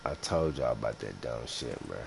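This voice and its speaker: A man's voice: rumbling low, lively intonation, moderate pace, gravelly, a little hiss or hum. A man in his thirties giving profane, teasing live commentary while playing a game for his stream chat. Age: 30s. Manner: profane, teasing, trash-talking. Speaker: gaming streamer. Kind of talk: casual gameplay commentary to chat.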